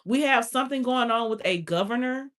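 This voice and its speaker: Tarot reading lady, kinda high voice, super blunt and cussing, says like constantly. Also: a little fast, fairly bright tone. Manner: blunt and profane, heavy filler "like". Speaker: tarot reader. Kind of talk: casual spoken tarot reading.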